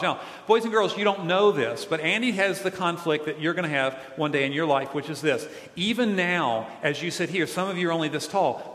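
A male pastor giving a playful, animated children's sermon with comic asides, in a church. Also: fairly high pitch. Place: church sanctuary. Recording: echoey hall.

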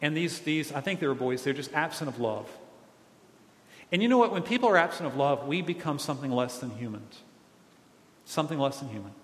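A man preaching a sermon as a pastor, animated, asking the congregation to call back answers. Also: a little high, fairly quick. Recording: echoey hall.

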